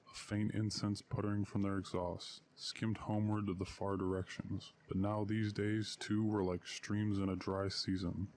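A man narrates a story in a measured, steady reading. His voice is deep and stays flat, with little rise or fall. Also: slight background noise.

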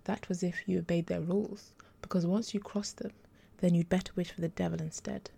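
A woman reading a romance story aloud at a measured storytelling pace. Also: on the low side, little pitch movement, gravelly, mellow, husky.

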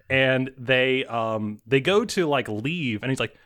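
A man narrating a tabletop horror game as game master, halting with many pauses and restarts. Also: medium pitch, a bit bright.

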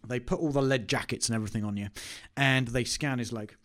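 A man's voice: medium pitch, quick pace. Chatty man telling a story. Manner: chatty storyteller, self-mocking, lively asides. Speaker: business owner vlogger. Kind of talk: casual anecdote to camera.

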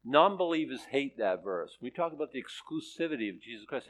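A man's voice: on the high side, animated, moderate pace. A male pastor preaching conversationally. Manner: conversational and sarcastic, with jokes and laughs. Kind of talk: sermon.

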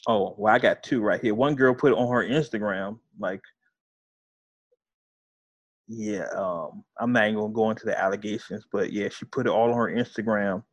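A man's voice: on the low side, moderate pace, no room sound. A man co-hosting a podcast, chatting loosely and joking with slang. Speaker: podcast co-host. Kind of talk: casual chat.

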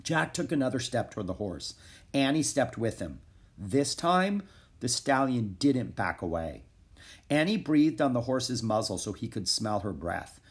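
Calm man reading a children's book. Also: medium pitch, measured pace. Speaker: narrator. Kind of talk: storybook narration.

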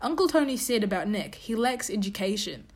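A woman giving her opinions on tennis in a casual, animated and opinionated monologue that rambles with restarts. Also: mid-range voice, brisk. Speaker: tennis commentator.

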